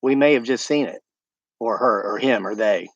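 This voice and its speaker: A rambling American man chats with viewers on a night-time livestream from his homestead. His voice sits at an everyday middle pitch and comes through dry and a little dull, with no room around it. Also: normal speed, breathy edge, no room sound. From United States. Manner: chatty, rambling, talks to live viewers. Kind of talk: casual livestream chat. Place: outdoors at night by his woods.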